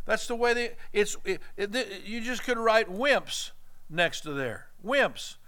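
A man's voice: high-pitched, expressive, a little slow, pushed and bright. Emphatic man preaching a folksy sermon. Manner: folksy, emphatic, reads scripture aloud.

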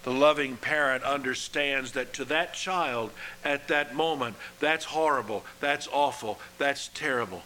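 A man preaching a sermon in a slow, earnest way, letting his phrases drop softly at the ends. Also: mid-range voice, slight background noise, poor audio.

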